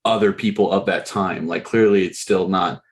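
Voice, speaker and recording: A man's voice: sits low, normal speed. A man co-hosting a movie podcast, chatting casually with lots of fillers and restarts. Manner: rambling, filler-heavy, animated. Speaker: podcast co-host. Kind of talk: casual chat about movies.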